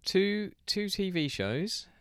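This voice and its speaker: A man's voice: high voice, very animated, takes it slowly, smooth, no room sound, studio quality. A man co-hosting a casual chat, reading out listener questions and steering the talk, laughing easily. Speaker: podcast co-host.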